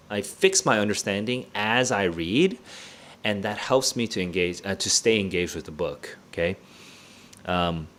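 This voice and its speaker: A man with a somewhat low voice hosts a livestreamed book club and reacts as he reads. His talk is casual and rambling, full of "um", "like" and "right?", with restarts and the odd swear word. He sounds like someone thinking out loud rather than reading a script. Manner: thinks aloud, casual and digressive, with frequent fillers and restarts.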